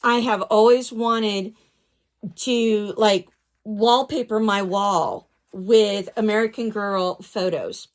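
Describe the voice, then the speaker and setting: A woman's voice: mid-range voice, fairly even intonation, slow. A woman vlogging in a casual chat about her doll collection, gushing, repeating herself and stumbling over names.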